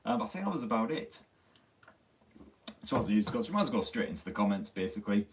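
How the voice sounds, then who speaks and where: Low-voiced Sunderland man, a bit far from the mic. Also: sing-song, quick pace, slight background noise. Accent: Northern English (Sunderland). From Sunderland, North East England. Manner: chatty, swears freely, self-mocking. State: slightly losing his voice. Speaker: tech channel host. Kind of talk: casual live-stream chat. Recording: distant mic on a phone stream.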